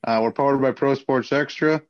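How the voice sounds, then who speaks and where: A laid-back man hosting a podcast closes out the episode in a relaxed, easy tone. His voice sits at a middle pitch. The audio is dull and muffled. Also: fairly quick. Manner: laid-back, brief reactions, wraps up the show. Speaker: podcast host. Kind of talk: casual podcast chat.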